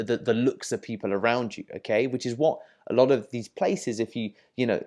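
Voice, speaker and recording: An English man in his thirties coaching viewers on dating in an easy, conversational flow. He stumbles and repeats words often and keeps checking in with the listener. His voice sits at an ordinary middle pitch for a man. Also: a little mellow. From England. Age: 30s. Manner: chatty, stammers and repeats words, frequent "you know" and "right?". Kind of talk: casual advice talk to camera.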